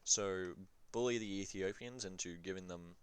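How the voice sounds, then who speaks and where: A man's voice: sits low, moderate pace, slight background noise. A young man rambling through advice on a strategy game, swearing and joking, often trailing off with ums. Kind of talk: casual rambling game commentary.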